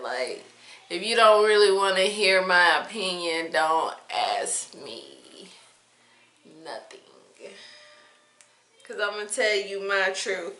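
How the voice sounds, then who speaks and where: A woman speaking softly and reflectively in a candid, confessional monologue to her viewers. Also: lowish voice, expressive. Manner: soft-spoken, slow and reflective. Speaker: vlogger sharing personal reflections. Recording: roomy echoey room.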